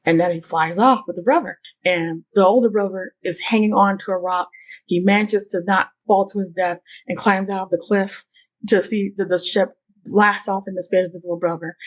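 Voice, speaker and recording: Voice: medium pitch, poor audio. A YouTube host giving casual fan commentary, talking in a rambling way, with many fillers and the odd curse word.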